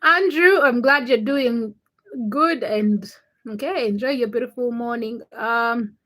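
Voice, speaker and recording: A woman's voice: a little high, measured pace, fairly bright tone. A young woman hosting a casual livestream, teasing her chat and reading out viewers' names. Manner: teasing and laughing, reads chat names aloud. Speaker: livestream host.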